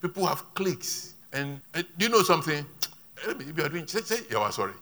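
A male pastor, preaching a sermon with emphatic rises and quiet asides. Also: on the high side, animated, a little fast.

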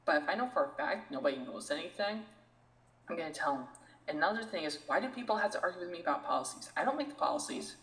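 A woman co-hosting a podcast, ranting in an animated, exasperated way in casual chat. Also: fairly low pitch, fast talker, reverberant, poor audio. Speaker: podcast co-host.

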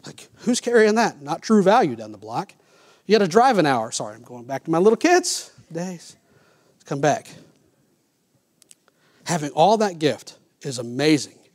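A man's voice: a little high, moderate pace, pauses often. A man pastor preaching a sermon, reading scripture aloud and putting questions to the congregation. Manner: animated preacher, reads King James scripture, asks the congregation questions.

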